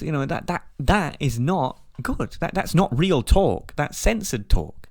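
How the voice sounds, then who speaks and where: Man, podcast host, swings his pitch a lot, swears, dry close sound. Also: very animated, unhurried, creaky, a little mellow, dry recording. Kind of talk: casual opinionated chat.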